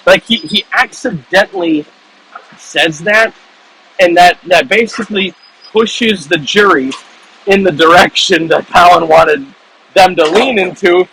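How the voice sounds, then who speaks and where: A man, an author, casually retelling the plot of his own book in animated, rambling storytelling full of restarts. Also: high-pitched, measured pace, vocal fry, a little hiss or hum, low-quality recording.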